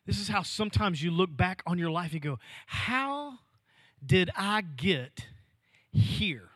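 A male pastor delivers a sermon in a slow, deliberate cadence. His voice sits high and bright, and the sound is close and dry. He swings his delivery from emphatic peaks down to hushed, almost whispered lines. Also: animated, no echo. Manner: preaching with sweeping swings of pitch and volume, dropping to near-whispers. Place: church.

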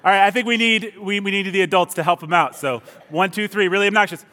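A man with a somewhat high voice preaches at a church service, joking with the people in front of him. His voice carries a long reverb through the hall. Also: fast talker, sharp tone. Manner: playful and chatty with the congregation. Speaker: pastor. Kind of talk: sermon.

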